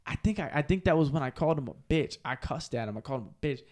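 A young man co-hosting a casual podcast, slightly high-pitched, cursing freely as he rambles through old stories. His delivery is loose and unpolished. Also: expressive, rapid-fire, darkish tone. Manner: profane, rambling storyteller. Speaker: podcast co-host.

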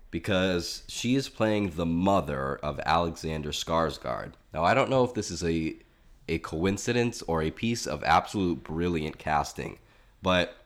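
In a relaxed podcast conversation about a film, a man with a very deep voice takes an analytical approach. He leads the discussion, considering each point carefully before moving on.

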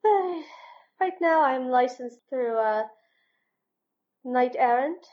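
A woman's voice: high-pitched, expressive, slow pace, dull audio. A woman playing a tabletop role-playing game, planning her moves aloud with hesitant fillers. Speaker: player.

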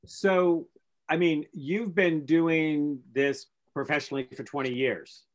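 A man with a slightly raised voice co-hosts a relaxed interview. He cracks jokes and asks questions, often stopping and restarting his sentences. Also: a little high, slow, lo-fi sound. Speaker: podcast co-host. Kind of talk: casual interview chat.

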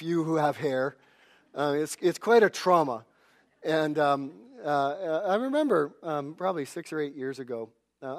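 A middle-aged male pastor preaching a sermon in church, earnest and emphatic, with a self-deprecating humor. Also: medium pitch.

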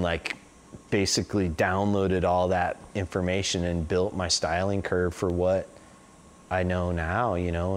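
A man's voice: low-pitched, slight background noise. A man in his forties answering interview questions, telling long stories loosely and filling them with "like" and "you know.". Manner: rambling, peppered with "like" and "you know". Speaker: interview guest. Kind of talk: casual interview storytelling.

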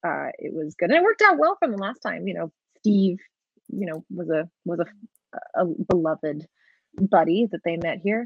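A woman game master chatting as a podcast guest, animated and laughing often. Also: on the low side, gravelly, breathy edge, dry recording, highs cut off. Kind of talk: casual interview talk.

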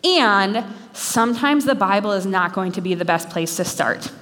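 A young woman from Minnesota giving an animated, self-deprecating talk to students. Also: mid-range voice, moderate pace. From Minnesota, USA. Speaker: speaker. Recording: long hall reverb.

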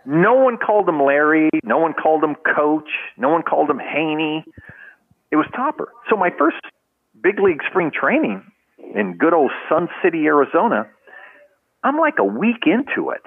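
Animated older man telling baseball stories. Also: on the high side, moderate pace, slightly rough, narrow, tinny audio. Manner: animated storyteller acting out quotes, laughs often. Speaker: retired baseball head trainer, guest. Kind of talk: casual storytelling in a podcast interview.

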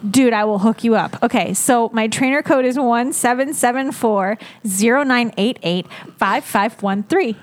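A woman co-hosting a casual podcast, giggly and animated, laughing easily. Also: a little high, moderate pace, few pauses, no echo. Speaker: podcast co-host. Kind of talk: casual group podcast chat.

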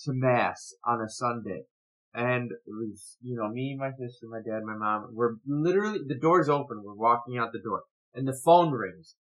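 A man telling a funny family story on a casual podcast, animated and ready to act out the people in it. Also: medium pitch, normal speed, poor audio. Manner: animated storyteller, shouts when acting out his parents. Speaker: podcast co-host.

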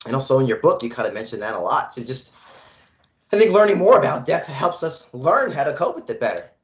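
A man's voice: mid-range voice, big pitch swings, brisk. A man co-hosting a podcast, loosely explaining an idea to listeners with lots of fillers. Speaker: podcast co-host. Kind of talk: casual podcast chat.

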